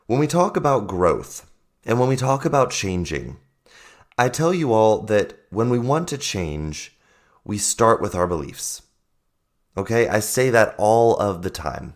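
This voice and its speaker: A man hosting a solo podcast, hoarse from losing his voice, explaining ideas earnestly and repeating his points for emphasis. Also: fairly low pitch, sing-song, a little slow. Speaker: podcast host and life coach.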